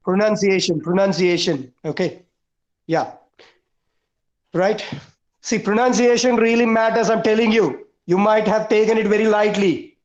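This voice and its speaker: A man teaching a class over a video call, speaking in a high voice. He counts off his points one by one and repeats the key words for emphasis. The call audio comes through dull and lo-fi. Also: a little slow. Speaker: English teacher. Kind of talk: online class instruction.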